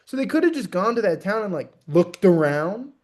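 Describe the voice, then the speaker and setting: A man's voice: sits high, sing-song, normal speed, darkish tone. A young man co-hosting a podcast, chatting casually about a movie, rambling with many restarts and slipping into mock voices for quotes. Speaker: podcast co-host. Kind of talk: casual movie review chat.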